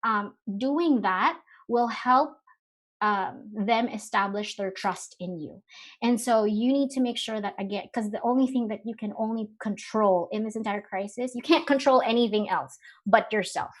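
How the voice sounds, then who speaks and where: A woman from the Philippines presents a live webinar in a relaxed, chatty way. Her voice sits a little higher than most, and she leans on fillers and asks her listeners rhetorical questions. She sounds like she is talking into a computer microphone. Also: normal speed. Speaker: webinar speaker.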